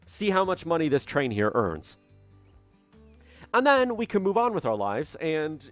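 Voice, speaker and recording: Soft music plays behind a young gaming channel host whose fairly high voice is very animated as he comments on his gameplay at normal speed. Using a desk microphone at his home computer, he's chatty and pokes fun at himself while thinking out loud.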